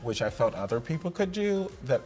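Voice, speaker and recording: A man's voice: mid-range voice, sing-song, fairly quick, a little mellow, soft background music. A man, a drag queen guest, talking expressively in a casual interview and acting out other voices.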